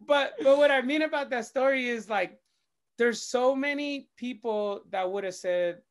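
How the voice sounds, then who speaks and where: Male DJ guest, high-pitched, expressive storyteller who swears and acts out dialogue. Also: moderate pace. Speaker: DJ and radio host, interview guest. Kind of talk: animated storytelling in casual chat.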